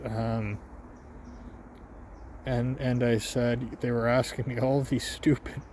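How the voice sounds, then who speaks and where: Man, mid pitch, slow and halting delivery, personal journal vlog, faint background noise. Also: a little mellow. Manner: halting, slow, emotional storytelling with many restarts. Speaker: vlogger. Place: outdoors with his dog.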